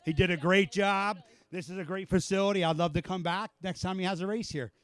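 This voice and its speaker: Grateful racer, slightly high voice. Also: male voice, fairly even intonation. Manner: grateful, halting. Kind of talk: podium thank-you speech.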